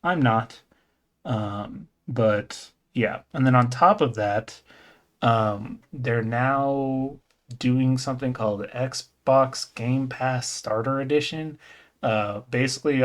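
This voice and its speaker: A man co-hosts a casual gaming podcast at a middle pitch, talking in a loose, rambling way. He keeps correcting himself, drops in swears and laughs easily. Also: takes it slowly. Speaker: podcast co-host.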